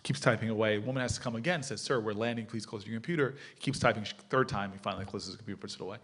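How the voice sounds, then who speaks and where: A man telling a story to an audience at a panel event, acting out shouted lines. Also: lowish voice, racing, slightly rough. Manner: animated, acts out shouting quotes. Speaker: panel speaker. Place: lecture hall with audience.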